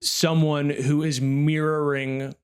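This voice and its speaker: A man's voice: fairly high pitch, level tone, slow, clean tone. Easygoing man hosting a podcast. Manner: easygoing and encouraging, frequent fillers. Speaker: podcast host. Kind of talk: casual podcast chat.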